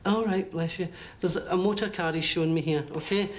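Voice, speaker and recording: Male medium mid-reading, somewhat high voice, halting, repeats himself, keeps checking "okay?". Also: steady tone. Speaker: psychic medium. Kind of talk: giving a spirit reading to a sitter.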